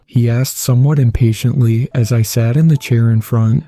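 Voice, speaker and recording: Dark-voiced man narrating a horror story. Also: medium pitch, steady tone, normal speed, dry recording. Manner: reads all the dialogue himself in a plain voice. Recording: faint music underneath.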